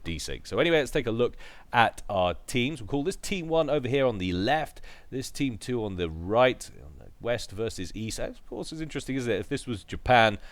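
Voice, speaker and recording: A man's voice: medium pitch, expressive, brisk, no echo. A man giving casual, chatty play-by-play commentary on a strategy game, with joking asides. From United Kingdom.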